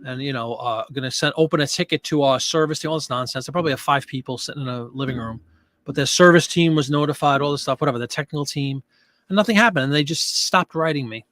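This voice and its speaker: A man's voice: mid-range voice, fast talker, fairly bright tone, no echo. A man hosting a casual live stream, chatting loosely as he reads out viewer comments and answers them. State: out of breath.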